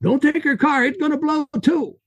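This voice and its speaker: A man's voice: very high voice, normal speed, fairly bright tone, no room sound, voice pushed up. A man voicing an urgent Russian man warning a friend by phone, with a heavy Russian accent and clipped broken English. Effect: heard over a phone line in the story.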